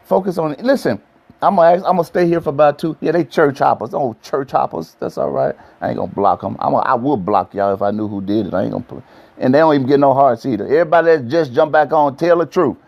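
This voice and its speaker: Pastor dude on a phone livestream, joking around, repeats himself a lot, talks right at the viewers. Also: male voice, medium pitch, fast talker, gravelly, darkish tone. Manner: playful and repetitive, addressing viewers directly. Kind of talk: casual live-stream preaching on relationships. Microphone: phone live stream.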